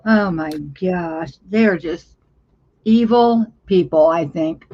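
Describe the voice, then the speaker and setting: A woman's voice: fairly low pitch, slow pace, dull audio. A woman from America hosting a casual livestream chat, speaking hesitantly with many fillers and frequent laughs. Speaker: livestream host.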